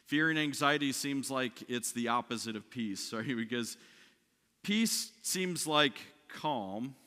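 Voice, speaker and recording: Man, pastor, sermon, bright forceful voice, conversational, long hall reverb. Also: mid-range voice, animated, slow pace. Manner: conversational preaching with frequent "right?" and restarts. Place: church sanctuary.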